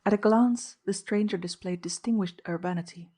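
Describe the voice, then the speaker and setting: A woman narrating an old crime novel in measured, even scripted narration. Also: medium pitch. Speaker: audiobook narrator.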